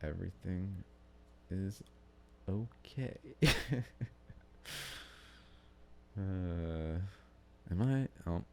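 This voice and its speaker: Slow, gravelly-voiced man musing aloud. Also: deep voice, expressive, background noise. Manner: meandering, self-interrupting, swears casually. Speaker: podcast host. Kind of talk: rambling solo podcast musing. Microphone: studio-style podcast mic.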